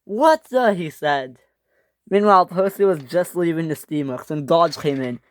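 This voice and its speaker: A young man, likely a boy, narrating an improvised toy train story, excitable, with frequent restarts and loud screams for the characters. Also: on the high side, normal speed.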